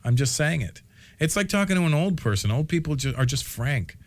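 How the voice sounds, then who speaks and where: A man's voice: a little high, very animated, brisk. A man in his forties, a comedian guest on a radio show, talking frankly and jokily, often laughing and stumbling over the first words of a sentence. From Canada. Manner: frank, joking, laughs often, stammers at starts. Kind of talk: casual radio interview chat. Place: radio studio. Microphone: studio mic.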